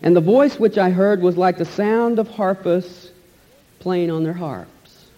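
A man preaching an expository sermon as pastor, emphatic and enthusiastic, repeating key phrases and letting phrase ends trail off softly. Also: high voice, measured pace. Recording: long hall reverb, dull lo-fi sound.

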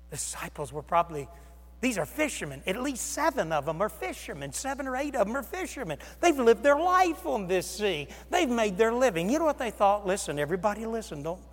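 A male pastor preaching a sermon, with dramatic swings from loud exclamations to hushed near-whispers. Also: high-pitched, very animated, normal speed. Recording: long reverb of a large hall.

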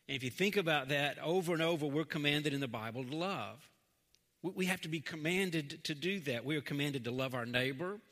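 A middle-aged man preaching a sermon, earnest, moving between quiet, slow stretches and emphatic lines. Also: medium pitch. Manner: earnest, swings from soft to emphatic. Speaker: pastor. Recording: long hall reverb.

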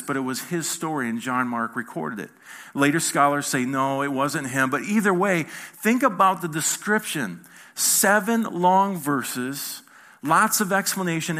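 Bright-voiced male pastor preaching. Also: a little high. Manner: conversational preaching, swings between loud and hushed; asks the audience questions. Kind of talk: sermon.

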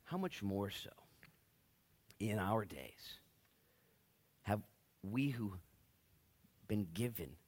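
A man in his late thirties preaching a sermon, telling stories and acting out quotes with big swings between loud and quiet. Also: fairly low pitch, drawn-out words, pauses often. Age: 30s. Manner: animated storytelling, big swings in loudness, acts out quotes. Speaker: pastor.

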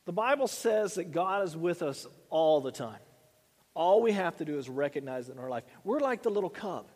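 A man's voice: fairly high pitch, animated, moderate pace, a little mellow, long reverb tail. A middle-aged man preaching a sermon in a loose, conversational way, often repeating words and using fillers. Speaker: pastor.

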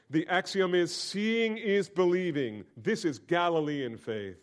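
A man preaching a sermon, shifting from hushed, intimate storytelling to loud, emphatic build-ups. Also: high-pitched, unhurried. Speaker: pastor.

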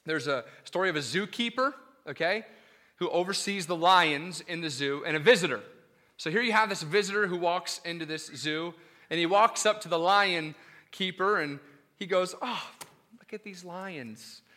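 A male pastor preaching a sermon in an animated, emphatic, conversational way. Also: high-pitched, normal speed.

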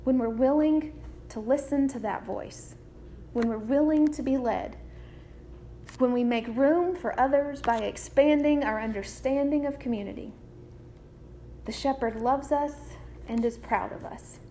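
High-voiced woman preaching slowly. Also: dark tone, slight background noise. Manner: measured, deliberate phrasing with repetition. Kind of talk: sermon.

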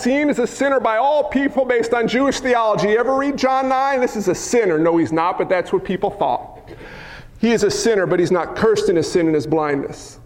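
A man's voice: very high voice, normal speed. A man preaching a sermon as a dramatic story, with repeated lists and rhetorical questions, sometimes dropping to a whisper. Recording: long hall reverb.

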